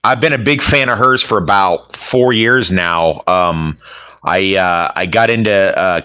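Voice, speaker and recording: A man's voice: sits low, unhurried, sharp tone, clean tone, no room sound. A man co-hosting a casual movie review podcast, from the American Midwest, blunt and opinionated and swearing freely. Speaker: podcast co-host.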